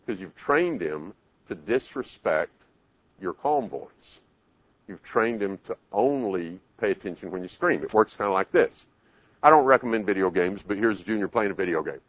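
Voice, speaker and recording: A man giving a live parenting talk, animated, acting out parents and children in raised voices. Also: lowish voice, normal speed, no room sound, lo-fi sound. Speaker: parenting speaker.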